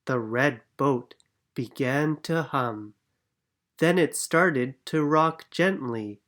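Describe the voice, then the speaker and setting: A calm storybook reader narrating a children's picture book. Every word is spoken very slowly and clearly, at an unhurried bedtime pace. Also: mid-range voice.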